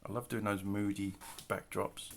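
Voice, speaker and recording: A middle-aged man casually showing his artwork on camera, talking in a relaxed, rambling way with self-deprecating asides. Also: on the low side, moderate pace, gravelly. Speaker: artist showing his work. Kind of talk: casual show-and-tell narration. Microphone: camera mic, handling artwork.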